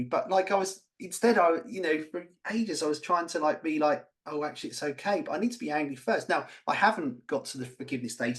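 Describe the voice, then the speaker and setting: Passionate man, higher voice, candid podcast co-host. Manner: emphatic, passionate, swears freely. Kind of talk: candid conversational chat.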